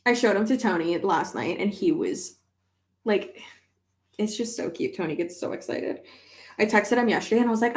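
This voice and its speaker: A woman's voice: mid-range voice, brisk, roomy sound. Chatty young woman vlogging casually. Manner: chatty, swears casually, many fillers. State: pregnant. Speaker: YouTuber. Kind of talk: casual livestream chat.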